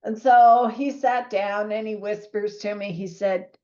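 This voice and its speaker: A woman, a nurse telling a lively story to fellow nurses, acting out what others said. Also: medium pitch, measured pace. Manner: animated storyteller who acts out quoted voices. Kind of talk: storytelling talk to an audience. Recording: echoey, slightly dull room recording.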